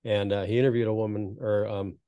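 A man in his fifties hosting a podcast, telling reflective, earnest stories in a relaxed conversational way. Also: on the low side, fairly quick, clean tone, dry recording, highs cut off. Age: 50s. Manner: reflective, earnest storytelling with frequent restarts. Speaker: podcast host.

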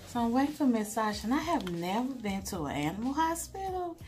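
A woman's voice: on the high side, big pitch swings, fairly quick, a little mellow, soft background music. A young woman chatting emotionally with viewers, vlogging on a handheld phone inside an animal hospital. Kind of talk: casual vlog chat.

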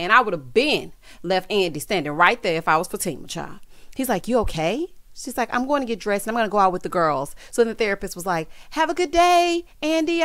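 A woman's voice: fairly high pitch, a bit bright, no echo, clean studio sound. A woman doing a sassy recap of a TV episode, calling the listener child and honey and acting out the characters' lines. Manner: mimics the characters in quoted asides. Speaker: TV recap host. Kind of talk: casual recap commentary.

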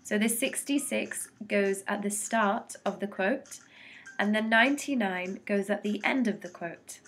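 A woman reads out an English grammar lesson at a slow, unhurried pace. Her voice sits at a middle pitch, and she delivers each rule and example in a measured, deliberate way. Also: a bit bright. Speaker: English teacher.

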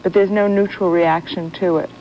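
A woman's voice: fairly low pitch, steady tone, normal speed, rough recording. A woman, an author, speaking earnestly and articulately as a talk show guest. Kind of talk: interview. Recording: 1970s TV broadcast audio.

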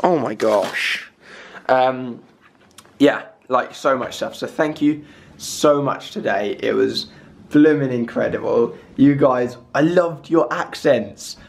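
A young man in his twenties vlogging from a hotel room, tired but chatty and excitable, rambling to the camera. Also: mid-range voice, takes it slowly, vocal fry, slight background noise. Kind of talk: casual vlog chat.

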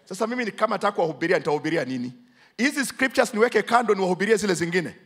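Kenyan male pastor, high-pitched and animated, dramatic call-and-response preaching. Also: racing, breathy edge. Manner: preaching, switches between English and Swahili; dramatic, swings from hushed to loud emphatic. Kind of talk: sermon with congregation call-and-response.

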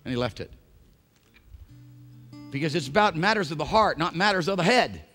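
Impassioned preaching man, higher voice. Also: sing-song, fairly quick, long pauses, soft background music. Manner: impassioned preaching, swinging from hushed to shouting. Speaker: pastor. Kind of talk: sermon. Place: church sanctuary.

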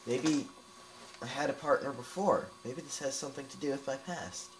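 A man's voice: medium pitch, moderate pace, slight background noise, close to an everyday voice, low-quality recording. A man reading the lines of a young amnesiac explorer hero in his own plain voice. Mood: puzzled. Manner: plain reading of the game's text.

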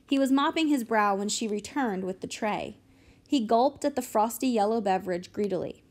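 Give me a woman narrating an audiobook, steady and even, mid-pitched. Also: moderate pace.

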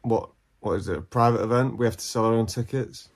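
A male podcast co-host in relaxed, joking conversation. He banters and acts out his friend's lines with playful voices. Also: lowish voice, fast, slightly rough. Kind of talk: casual chat.

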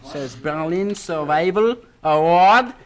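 A man's voice: a little high, lively intonation, a little slow, very noisy. A man playing a suspicious German customs officer in a live comedy sketch, barking out interrogating questions.

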